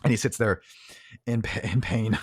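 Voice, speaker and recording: A man's voice: on the low side, moderate pace. A man narrating a tabletop role-playing game as game master, describing scenes vividly with frequent fillers.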